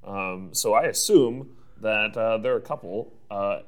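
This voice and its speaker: A man co-hosting a podcast, recapping in casual chat with frequent laughs and fillers. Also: fairly low pitch. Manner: chatty recapping, quick laughs, many fillers.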